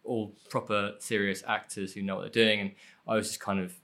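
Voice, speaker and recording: A man's voice: lowish voice, little pitch movement, a little fast, fairly bright tone. A man, chatting casually as a podcast guest, rambling and self-deprecating with lots of fillers and casual swearing. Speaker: guest, film editor.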